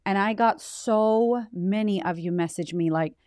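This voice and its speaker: A woman podcast host talks straight into the mic, teary and on the edge of crying. Her voice sits at an ordinary middle pitch, with a dry, close sound and no room echo. She gushes and swears freely through a casual, heartfelt monologue. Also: a little slow, a little mellow. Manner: emotional, swears freely, gushing.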